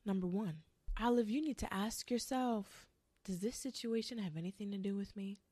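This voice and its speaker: Sassy young woman venting to camera, profane and animated, dry close recording. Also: medium pitch, moderate pace, slightly rough, no room sound. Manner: sassy, profane, animated storytelling with mocking quoted voices. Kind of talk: ranting commentary monologue.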